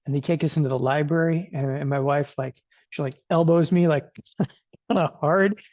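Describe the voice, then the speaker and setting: A man's voice: a little high, fairly even intonation, normal speed, no echo, dull audio. A middle-aged man giving casual live market commentary as a strategist, chatty and peppering his talk with "okay?".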